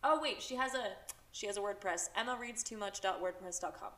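A woman's voice: mid-range voice, fairly quick, bright, forceful tone, reverberant. A young woman hosting a casual podcast, reading a book review aloud with sarcastic, giggly commentary. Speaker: podcast host.

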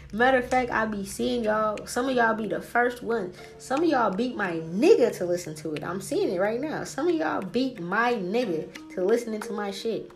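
A brash woman hosts a spiritual podcast alone, and her voice sits a little high. She rants in a profane, trash-talking stream. There is faint music behind her. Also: creaky. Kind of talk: casual solo podcast rant.

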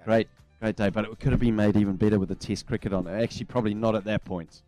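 A male co-host on a sports radio show, telling stories with plenty of enthusiasm. His voice is fairly low and sounds close and dry, with faint music underneath. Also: fairly even intonation, fast, mellow, no room sound. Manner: enthusiastic, storytelling. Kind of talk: casual sports radio chat. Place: radio studio.

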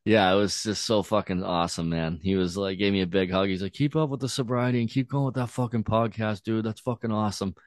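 A man's voice: on the low side, fairly even intonation, quick pace, few pauses, no room sound, studio quality. A man telling a laid-back story as a podcast host, swearing often and filling his talk with "like" and "dude". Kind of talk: casual storytelling chat.

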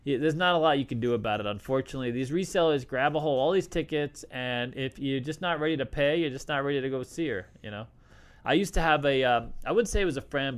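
A man hosting a casual live stream, talking loosely and joking with lots of restarts. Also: medium pitch. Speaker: host.

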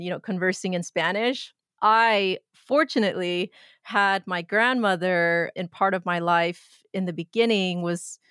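A woman's voice: lowish voice, clean tone, no echo. Laughing woman guest on a dry recording. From United States. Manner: warm, reflective, laughs often. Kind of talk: casual conversational interview.

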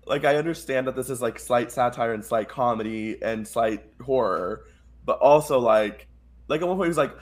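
A man co-hosting a podcast in casual chat, playful and animated, acting out scenes as he retells them. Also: medium pitch, a little fast. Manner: animated, playful, acts out scenes in quoted voices. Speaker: podcast co-host.

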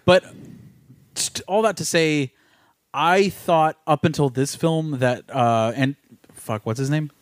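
A man's voice: fairly high pitch, slow, no echo, studio quality. A young man co-hosting a podcast, talking about movies emphatically and swearing a lot. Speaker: podcast co-host. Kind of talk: casual movie chat.

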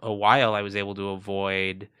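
A man's voice: fairly low pitch, level tone, a little fast, fairly bright tone, smooth. A man guest from South Florida, talking candidly in a rambling, storytelling way on a casual podcast. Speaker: guest, comedian.

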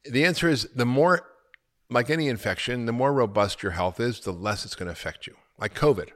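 A middle-aged male doctor hosts a podcast, fielding listener questions with energy and emphasis and occasionally laughing at himself. His voice is mid-range and brisk.

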